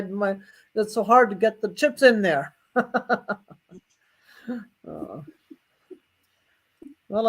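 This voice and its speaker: A woman hosts a live vintage sale online, talking to viewers in a rambling, friendly chat. She laughs often and pokes fun at herself between comments on the items. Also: mid-range voice. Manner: chatty, laughs often, self-deprecating asides.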